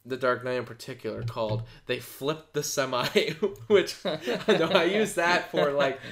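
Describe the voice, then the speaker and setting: A man's voice: a little high, a little slow, crowd noise. A young man co-hosting a podcast, chatting casually about films, talkative and laughing often. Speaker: podcast co-host. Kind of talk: casual movie chat.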